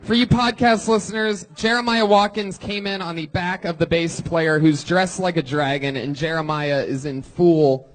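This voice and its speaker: Brief: male live-show host, high voice, crude and brash, shouts to work the room. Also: level tone, normal speed, hardly any pauses, soft background music. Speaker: comedy podcast host. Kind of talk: hosting a live comedy show. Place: comedy club stage.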